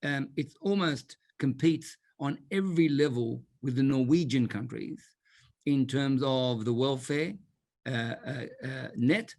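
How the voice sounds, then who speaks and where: A man's voice: medium pitch, a little slow, no room sound, clean studio sound. Chatty man with broad Australian accent. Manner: jokey, chatty, lively. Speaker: panel presenter. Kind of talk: online panel presentation.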